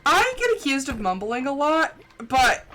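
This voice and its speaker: A young woman streaming a farming game, chatting fast and casually with a slight lisp and lots of "like". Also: high-pitched, very animated, sharp tone, a little hiss or hum. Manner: chatty, fast, says "like" a lot. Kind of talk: casual chat while gaming. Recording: faint music underneath.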